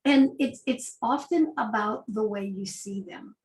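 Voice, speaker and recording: A woman's voice: medium pitch, measured pace, a little mellow, reverberant, a little hiss or hum, poor audio. A woman, an agile coach, giving a conversational talk with rhetorical questions. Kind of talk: presentation talk.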